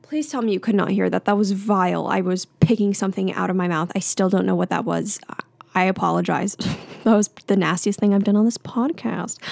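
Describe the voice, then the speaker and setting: A woman's voice: mid-range voice, gravelly, a little mellow, dry recording. A young woman in her twenties hosting a solo podcast, talking in a chatty, candid way with fillers and small laughs. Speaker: podcast host. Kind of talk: casual solo podcast chat.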